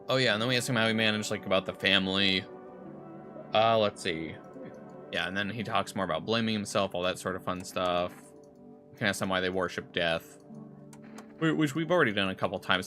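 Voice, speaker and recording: A man's voice: lowish voice, sharp tone. A young man casually rambling and swearing while playing a horror game. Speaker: streamer. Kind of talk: casual gameplay commentary.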